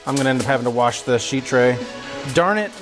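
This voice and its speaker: A man's voice: mid-range voice, animated, moderate pace. A man chatting and joking to his viewers while he cooks in his home kitchen during a casual livestream. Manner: joking, chatty, talks to himself while cooking. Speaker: livestream cooking host. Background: music.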